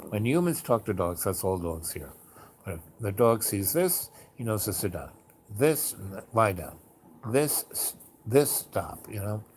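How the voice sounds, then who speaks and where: With a lowish voice and a little hiss or hum in the background, a male host tells stories in a relaxed, rambling way, filling gaps with "you know" and "like." He performs quoted lines in a heightened theatrical voice.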